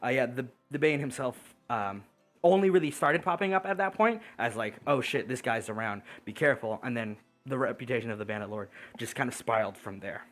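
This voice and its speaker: A man's voice: mid-range voice, a little fast, soft background music. Man, game master, casual, laughs a lot, voice chat mic. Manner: casual, laughs often, relaxed. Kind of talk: narrating a tabletop game. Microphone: voice chat microphone.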